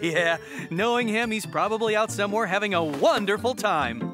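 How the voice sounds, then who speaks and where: An actor playing a friendly, easygoing pet owner in a cartoon. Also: male voice, high-pitched, animated, moderate pace. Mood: amused. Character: mild-mannered adult man, cartoon pet owner. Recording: distant voice with music bed.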